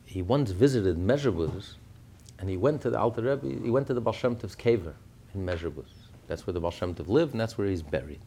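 A man's voice: lowish voice, brisk, a little hiss or hum. A man teaching a Torah class, telling stories with rhetorical questions and acting out the quoted speakers. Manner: animated storytelling, acts out quotes, rhetorical questions. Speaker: rabbi teaching.

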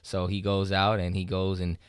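An American man co-hosts a podcast in a casual discussion, chatting conversationally and getting animated as he retells stories, with frequent fillers. His voice sits low and is clear and resonant at a moderate pace, recorded with clean studio sound and no echo.

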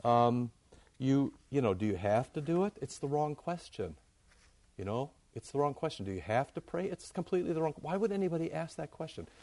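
A man giving an informal, conversational sermon to his congregation, jumping up high in pitch to make a point. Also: a little fast, dry recording. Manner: conversational, animated, rises high for emphasis. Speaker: pastor.

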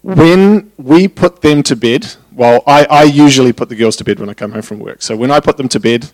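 A man preaching a sermon, telling family stories in an animated, anecdotal way. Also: mid-range voice, moderate pace, no room sound. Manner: anecdotal, animated when retelling family scenes.

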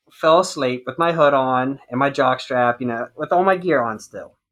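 A man co-hosting a casual podcast chat, telling a long personal story in an animated way. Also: fairly high pitch. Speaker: podcast co-host.

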